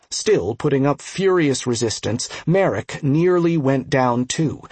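A man narrating a fantasy game audiobook in a steady, measured reading. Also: a little high, slightly rough, dry recording. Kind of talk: scripted narration.

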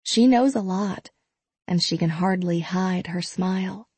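Woman reading an audiobook, steady and measured, super dry close mic. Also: fairly low pitch, husky, no room sound. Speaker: audiobook narrator. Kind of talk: scripted audiobook narration.

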